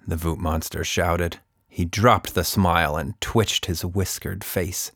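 A man narrating a children's story in a calm, expressive way. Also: low-pitched, takes it slowly, dry recording, clean studio sound.

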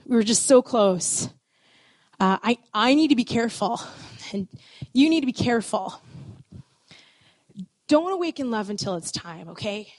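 A woman voicing a young bride who gently warns her friends, speaking softly and earnestly. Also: a little high, expressive, normal speed, pauses often, close to an everyday voice.

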